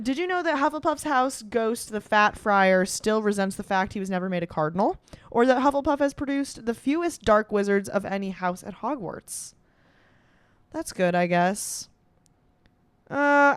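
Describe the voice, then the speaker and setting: A young woman chats to her viewers in a smooth, clear voice with lots of rise and fall. She talks casually and reacts as she goes, often swearing and laughing. The sound is dry and close, with no room in it. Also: mid-range voice, no echo. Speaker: comedian doing a quiz on camera. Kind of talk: casual solo chat.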